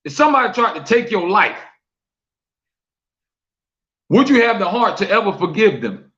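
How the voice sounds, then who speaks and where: A man's voice: sits high, very animated, fast, fairly bright tone, highs cut off. A man hosting a live-streamed talk show, repeating questions to his viewers, reading their comments aloud and preaching about forgiveness.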